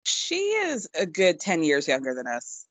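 A woman in her thirties co-hosting a casual chat, relaxed and quick to laugh, often restarting her sentences. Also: deep voice, no echo. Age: 30s. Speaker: podcast co-host. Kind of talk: casual chat about reality TV.

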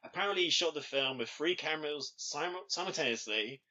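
Bright, rambling male co-host. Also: on the high side, lively intonation, brisk, lo-fi sound. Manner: rambling, filler-heavy, laughs often. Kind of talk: casual chat.

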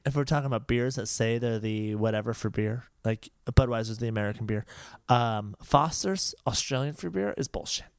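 A man co-hosting a comedy podcast in casual chat, excitable and prone to loud outbursts. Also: medium pitch, normal speed, creaky, clean tone, no echo, clean studio sound. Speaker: podcast co-host.

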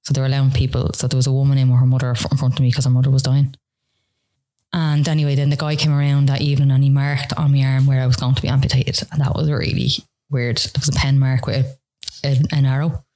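A woman's voice: extremely low pitch, level tone, fast talker, mellow. A woman, a guest telling a hard personal story with lots of fillers and restarts. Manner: tearful retelling with many fillers, earnest. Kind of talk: personal story in a podcast interview.

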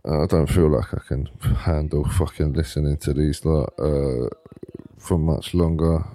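A man's voice: extremely low pitch, steady tone, a little slow, mellow, dry recording. A man with a British accent hosting a podcast, sardonic and sweary, mocking the people in a live audio room. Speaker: podcast host. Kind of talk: casual commentary, reacting to a live audio room.

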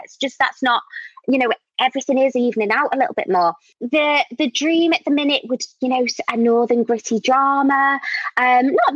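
A woman's voice: on the high side, a bit bright, dry recording, highs cut off. A woman in her thirties with a northern English accent touched by Scouse, chatting openly as an actor in an interview and laughing often. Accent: northern English, Scouse-tinged. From northern England. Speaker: actor and podcast guest. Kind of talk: casual interview chat.

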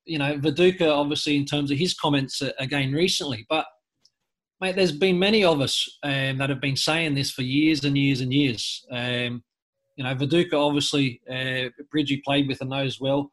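A man's voice: mid-range voice, steady tone, normal speed, a bit bright. A man from Australia, a former footballer, speaking earnestly as a podcast guest, restarting sentences often with lots of fillers. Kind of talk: conversational interview.

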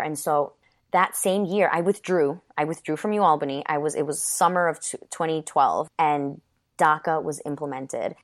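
A woman with a slightly low-pitched voice recounts her own life as an interview guest. She was born in Ecuador and grew up in New York. Her storytelling is earnest and conversational, and she leans constantly on "you know" and "like.". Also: normal speed. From born in Ecuador, raised in New York.

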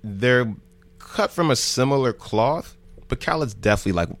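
A man's voice: mid-range voice, lively intonation, normal speed, a bit bright. A man from New Jersey, a news show host, telling a rambling story in casual, loose speech full of "like" and swearing. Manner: laid-back, rambling, heavy on "like", swears freely.

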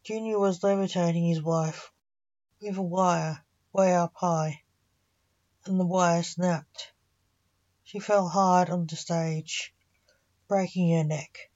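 A woman reading a story aloud in a slow, even storytelling manner. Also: lowish voice, highs cut off.

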